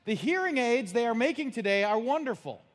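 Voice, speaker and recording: A man voicing an older wife who calls back loudly from the kitchen. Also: extremely high pitch, lively intonation, brisk, in a large hall, pitched above the performer's own voice. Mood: calling back. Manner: yelling back, insistent.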